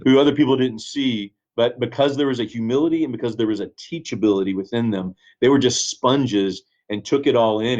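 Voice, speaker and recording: A man's voice: fairly low pitch, a little mellow, highs cut off. A man, a pastor, telling stories in earnest, reflective conversation with many restarts. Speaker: pastor, guest. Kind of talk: casual conversation, storytelling.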